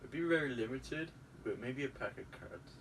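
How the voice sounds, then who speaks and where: A young man, chatting casually with a friend and telling stories in an animated way. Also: mid-range voice, moderate pace. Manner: animated storyteller, acts out quotes. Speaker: host. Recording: distant mic with faint background noise.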